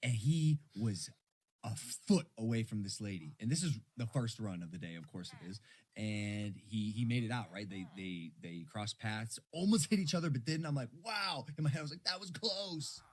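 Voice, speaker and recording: A man's voice: medium pitch, expressive, normal speed, breathy edge. A man co-hosting a casual podcast, telling a rambling story with loose, casual swearing.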